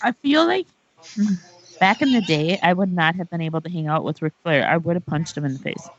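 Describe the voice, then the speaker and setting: A man co-hosting a wrestling rewatch podcast, excitable and quick to react. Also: fairly high pitch, a little hiss or hum. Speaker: podcast co-host. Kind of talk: casual wrestling rewatch chat. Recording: dull lo-fi podcast audio.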